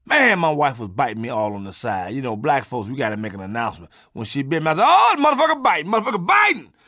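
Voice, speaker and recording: A man telling a comic story from his own life, animated and profane, swinging from loud bursts to low asides. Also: fast talker, no echo, studio quality.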